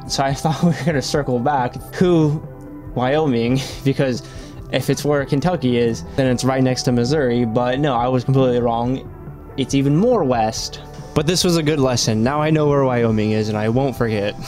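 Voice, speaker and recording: A man's voice: mid-range voice, a little mellow. A man hosting a reaction video, rambling in casual commentary, swearing often and filling his talk with "like".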